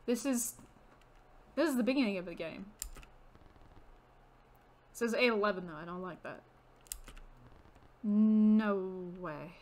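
A young woman streamer reacting expressively to a game she is playing, with quick reactions and some swearing. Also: mid-range voice. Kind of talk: live game commentary.

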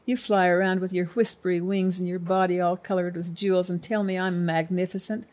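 Grandma putting on a sad little boy cricket, whiny and pleading, higher voice, storybook. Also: level tone, a little fast, darkish tone, natural voice. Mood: despairing. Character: small, sad, envious young male cricket.

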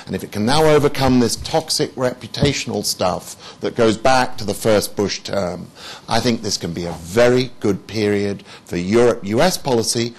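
Low-voiced man giving a confident panel answer. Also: normal speed, gravelly. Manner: fluent, confident policy talk. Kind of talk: panel discussion.

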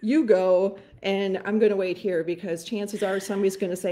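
A woman's voice: medium pitch, fairly even intonation, normal speed, mellow, slight background noise. A woman casually telling a family story in a chatty way, laughing and acting out what people said.

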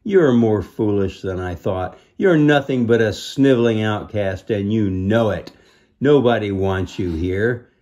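A man's voice: lowish voice, a little slow, dull audio, natural voice. A man doing a sneering evil shadow. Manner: mocking, loud, wails when beaten. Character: sneering evil shadow spirit, mocking and cruel.

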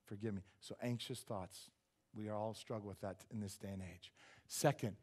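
A man preaching a sermon in church. He gets loud and then drops to a hush, acts out quoted voices and jokes with the congregation. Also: fairly low pitch, normal speed. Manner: animated, swings from loud exclamations to hushed asides. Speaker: pastor. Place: church sanctuary.

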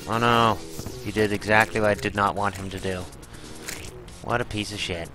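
A man's voice: on the low side, steady tone, normal speed, music in the background, low-quality recording. A man giving live gameplay commentary, exclaiming, groaning and swearing as he fights a boss. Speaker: gaming channel host.

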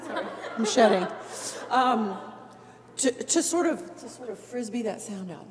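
Lively-voiced woman coaching a singer. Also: a little high, unhurried, pauses often, in a large hall, faint music behind. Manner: encouraging, demonstrates phrases by singing. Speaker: opera masterclass teacher. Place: church with long reverb.

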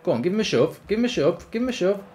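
A man streaming a football video game, reacting loudly, swearing and cheering at the play. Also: sits high, very fast, slight background noise. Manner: excitable, swears, shouts at the game. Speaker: gaming streamer. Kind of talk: live football game commentary.

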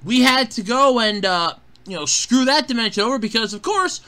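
A man's voice: extremely high pitch, expressive, moderate pace, pushed and bright, smooth. A man ranting in an exasperated, sarcastic review, swearing freely as he talks. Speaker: show reviewer.

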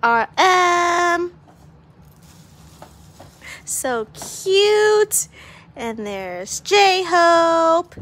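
A young woman vlogging casually at home, bubbly and giggly as she talks excitedly. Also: extremely high pitch, extremely slow, long pauses. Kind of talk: casual unboxing vlog.

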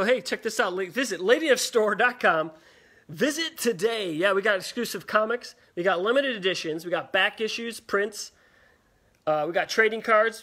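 Man, high pitch, live shopping host, rambling, jokey, casual sales chat. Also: fairly bright tone. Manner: rambling, jokey, filler-heavy.

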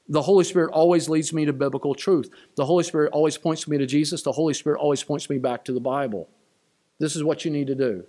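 Male pastor, slightly high voice, emphatic church sermon delivery with repeated refrains. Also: a little mellow. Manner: emphatic, repeats key lines, rising on quotes. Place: church sanctuary.

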